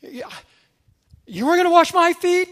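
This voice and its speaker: A man voicing an agitated, devoted male disciple who protests and insists loudly, pitched well above his own voice. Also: normal speed, in a large hall. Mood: indignant protest.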